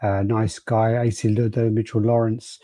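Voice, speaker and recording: A laid-back man hosting a casual podcast chat and running through viewer names and comments. His low, mellow voice is husky and sounds dry and close. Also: little pitch movement, moderate pace, dry recording. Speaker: podcast host. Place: podcast studio.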